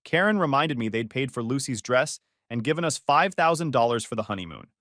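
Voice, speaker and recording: A man's voice: mid-range voice, lively intonation, brisk, a bit bright, no echo. A man narrating a first-person story in a dry, sarcastic manner.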